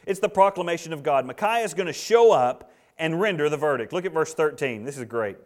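A man preaching a sermon, acting out the characters' lines with swings between loud and hushed. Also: fairly high pitch, lively intonation, fairly quick. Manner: dramatic, acts out the characters' lines. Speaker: pastor.

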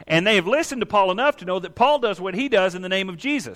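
A man preaching a sermon to his congregation, animated and emphatic, often calling out for an amen. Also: high-pitched. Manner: animated preaching with quick acted voices; asks the congregation for amens. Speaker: pastor.

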